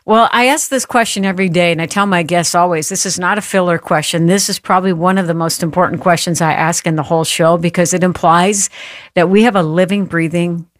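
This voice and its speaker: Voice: medium pitch, fairly even intonation, a little fast, a bit bright, no echo, clean studio sound. The host of a Christian interview show, introducing a guest and affirming him as he speaks. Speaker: podcast host.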